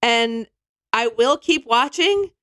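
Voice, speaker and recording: A woman's voice: on the high side, lively intonation, slow pace, sharp tone, clean tone, dry recording. A woman chatting casually as a podcast co-host, sarcastic, acting out the people she quotes in mocking voices. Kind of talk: casual comedic chat.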